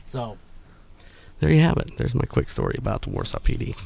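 A man's voice: medium pitch, a little fast, vocal fry, slightly rough. A man hosting a podcast, telling a casual story with laughs and acted-out quotes. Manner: animated, laughing, acts out quotes.

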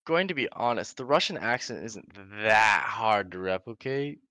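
A man's voice: fairly low pitch, expressive, normal speed, sharp tone, no echo, clean studio sound. A man hosting a casual chat, blunt and swearing, with a mock-exasperated way of talking. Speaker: podcast host.

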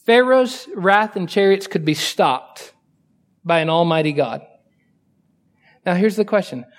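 A male pastor delivers a sermon in a high, light voice. He talks to the congregation conversationally, asking rhetorical questions, and moves from quiet asides up to forceful, emphatic lines. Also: expressive, unhurried, long pauses.

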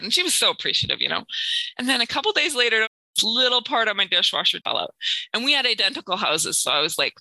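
A woman's voice: a little high, quick pace, no room sound, low-quality recording. A woman, a guest sharing her faith testimony and acting out the people in it. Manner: lively, acts out quotes with laughs and sighs. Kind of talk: personal storytelling in an interview.

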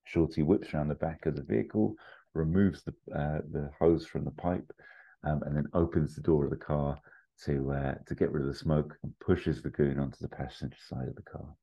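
A man hosting a podcast, casually pitching an adventure story with fillers, asides and chuckles. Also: fairly even intonation, moderate pace, dark tone, breathy edge. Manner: rambling, full of fillers and asides, chuckles at own jokes. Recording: slightly muffled lo-fi audio.

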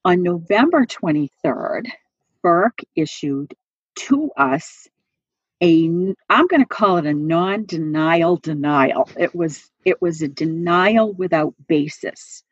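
Brisk woman activist recounting a timeline. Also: fairly low pitch, expressive, breathy edge, no echo. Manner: brisk, laughs while telling a timeline. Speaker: activist guest. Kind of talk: casual interview. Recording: muffled, lo-fi dry audio.

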